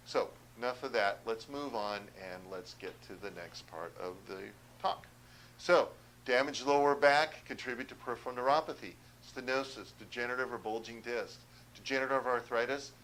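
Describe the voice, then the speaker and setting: A man with a fairly low voice speaks directly to the viewer, making a persuasive health pitch and checking in with quick questions. A faint hum runs underneath the recording. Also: fairly bright tone, rough recording. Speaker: chiropractor. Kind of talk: health seminar talk to viewers.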